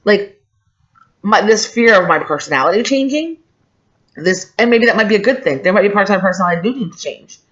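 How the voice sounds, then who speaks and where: A woman's voice: mid-range voice, animated, fast talker, a bit bright. A woman in her forties talking candidly and emotionally in a personal vlog, rambling with restarts. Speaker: vlogger. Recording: dull lo-fi home recording.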